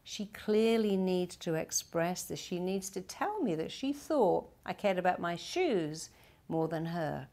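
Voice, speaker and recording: A woman giving a motivational talk, earnest and storytelling. She slows down to stress her key points. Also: lowish voice, animated, mellow. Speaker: therapist and motivational speaker. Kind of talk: motivational talk with personal stories.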